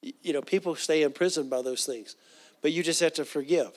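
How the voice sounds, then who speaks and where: Folksy preacher, man, earnest and slightly high-voiced, hushes for quoted prayers. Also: fairly quick. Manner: folksy, earnest, with asides and restarts; drops to a soft hush for quoted inner prayers. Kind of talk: sermon.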